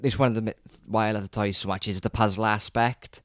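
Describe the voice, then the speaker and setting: Low-voiced male co-host, excited rambling chat, close and dry. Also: quick pace, no echo. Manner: rambling, enthusiastic, frequent restarts and stammers. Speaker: podcast co-host. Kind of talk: casual chat about films.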